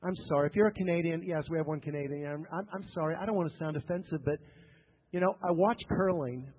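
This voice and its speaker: Husky-voiced preacher in a reverberant hall. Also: male voice, fairly high pitch, fast talker. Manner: emphatic and repetitive, with joking asides to the congregation. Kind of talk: sermon. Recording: tinny lo-fi sound with long hall reverb.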